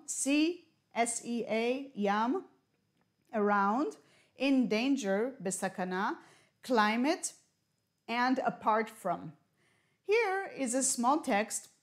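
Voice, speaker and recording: Woman teaching English slowly. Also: a little high. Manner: slow, clear teacher talk with riddles and Hebrew glosses. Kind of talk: broadcast classroom lesson.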